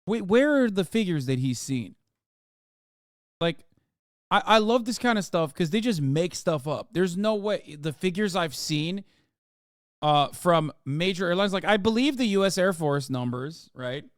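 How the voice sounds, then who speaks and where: A man in his thirties streaming live, reacting to posts with profane, mocking commentary that swings from loud outrage to mumbled asides. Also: sits high, expressive, measured pace, clear, resonant tone, no room sound, studio quality.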